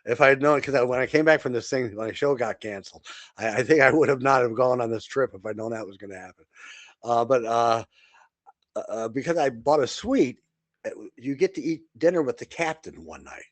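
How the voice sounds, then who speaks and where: An older man, a comedian and podcast host, telling stories in a casual, animated way, repeating words and acting out voices. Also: mid-range voice, a little fast, no echo. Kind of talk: casual storytelling.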